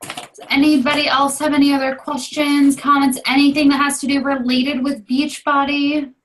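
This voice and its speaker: A woman's voice: sits high, flat delivery, moderate pace, poor audio. A woman leading a casual team call, giving direct, practical advice to the coaches on her team. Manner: direct, advising.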